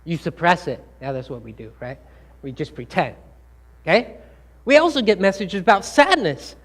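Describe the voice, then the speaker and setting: A man's voice: high-pitched, expressive, normal speed, a bit bright. A man giving a talk to a live audience, asking them questions and acting out the scolding things people say. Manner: engaging, asks the audience questions and acts out quoted scolding. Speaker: speaker.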